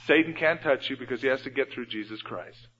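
A man preaching a sermon in a church, retelling Bible stories and often changing his loudness. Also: medium pitch, a little fast, slightly rough. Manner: storytelling, acts out Bible scenes with shifts in loudness. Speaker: pastor. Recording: dull radio broadcast with long hall reverb.

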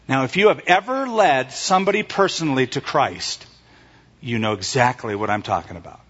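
A man preaching a sermon as a pastor, telling stories in an animated way and acting out the voices he quotes, recorded in a church sanctuary. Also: mid-range voice, normal speed, slightly rough. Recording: reverberant hall, dull lo-fi sound.

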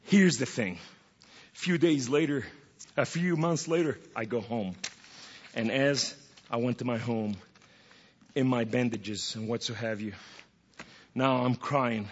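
A man's voice: medium pitch, unhurried, long pauses, a little hiss or hum. Man preaching in an echoey hall. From Middle East. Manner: theatrical, swings from hushed to loud outbursts. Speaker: guest speaker giving testimony. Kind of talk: dramatic preaching testimony. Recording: dull, echoey hall recording.

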